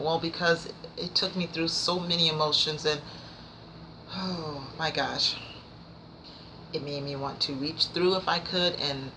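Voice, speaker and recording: A woman reviewing books in a casual vlog, nervous and rambling, stumbling over her words but excited and passionate. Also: low-pitched, a little hiss or hum, low-quality recording. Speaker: book vlogger. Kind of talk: casual book review chat.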